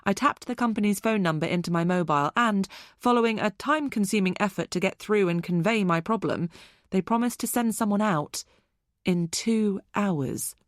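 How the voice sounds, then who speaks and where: A woman narrates an audiobook in a measured, even storytelling manner. Her voice sits in a middle register. The recording is dry and close, with no room sound. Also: mid-range voice, no echo. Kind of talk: scripted narration.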